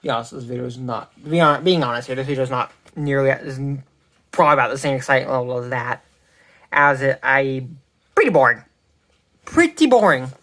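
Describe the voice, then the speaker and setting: A tech reviewer giving a casual product review, recorded on a phone, talking in a rambling, halting way with many restarts and self-corrections. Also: medium pitch, fairly even intonation, pushed and bright. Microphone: phone mic.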